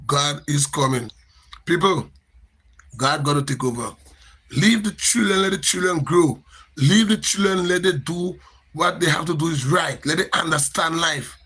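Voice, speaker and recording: A man's voice: high-pitched, vocal fry, fairly bright tone, breathy edge. A man with a Grenadian accent ranting on a live stream, fiery and accusatory, repeating his phrases for emphasis.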